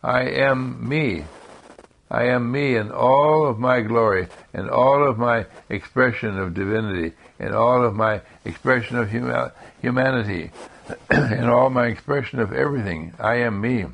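A man giving a calm spiritual talk in slow, repetitive affirmations. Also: mid-range voice, gravelly. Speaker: spiritual speaker.

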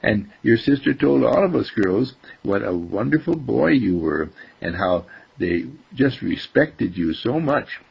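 A man voicing a sweet five-year-old girl who whispers secrets, in a soft hushed whispered role-play on a dull lo-fi recording. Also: fairly low pitch, very animated, a little slow, gravelly, husky, heavily acted. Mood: tender whisper.

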